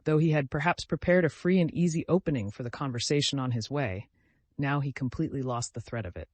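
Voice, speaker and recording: Guy reading a classic audiobook, mid pitch, calm measured delivery, dead dry mic. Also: no room sound. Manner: measured, even storytelling. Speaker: audiobook narrator. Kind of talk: scripted audiobook narration.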